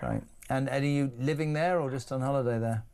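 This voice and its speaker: A man's voice: medium pitch, brisk, a little mellow, clear, resonant tone. A man, hosting a brash phone-in talk radio show with teasing, sarcastic asides. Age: 50s.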